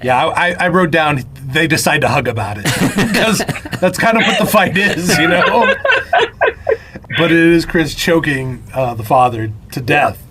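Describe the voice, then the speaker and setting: Lively, wry man cracking jokes. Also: a little high, a little slow, very noisy. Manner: wry, joking asides. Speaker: podcast co-host. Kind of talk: casual chat recapping a horror film.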